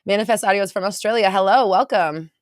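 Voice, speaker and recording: A woman's voice: medium pitch, quick pace, dry recording, clean studio sound. A woman with a valley girl accent hosting a podcast livestream, chatting casually and reading out viewer comments in a bubbly, chatty way with lots of fillers. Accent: American valley girl. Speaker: podcast host. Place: home studio.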